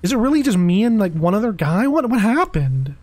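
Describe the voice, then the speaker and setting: A young man streaming a video game, talking casually and excitably, pleading with the game and groaning dramatically over a loss. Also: high-pitched, a little fast, dry recording. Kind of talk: casual live-stream commentary.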